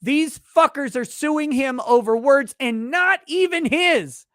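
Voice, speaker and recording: A man's voice: very high-pitched, slow pace, hardly any pauses, fairly bright tone, dry recording, clean studio sound. A man hosting a legal commentary livestream who rants in a heated, profane way. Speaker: legal commentary show host.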